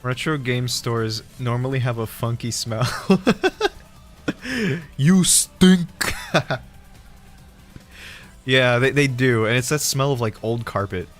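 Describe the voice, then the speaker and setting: A man's voice: medium pitch, fairly even intonation, moderate pace, few pauses, a bit bright. A man streaming, chatting casually in a joking, rambling way, often laughing at his own jokes. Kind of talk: casual chat. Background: faint background music.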